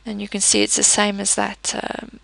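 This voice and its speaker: A woman teaching a pronunciation lesson, explaining patiently with pauses, fillers and small self-corrections. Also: mid-range voice, monotone, vocal fry, fairly bright tone, dry recording, rough recording. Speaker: French teacher.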